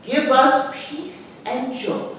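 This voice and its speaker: A woman reciting a dialect poem, playing a stern older woman scolding a sleepy boy awake in a loud, sing-song voice. She is recorded from far off in an echoey hall at a live event, with faint noise behind. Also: high-pitched, sing-song, slow, voice pushed up, full character voice. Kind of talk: dramatic poetry recitation. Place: arts venue, live discussion.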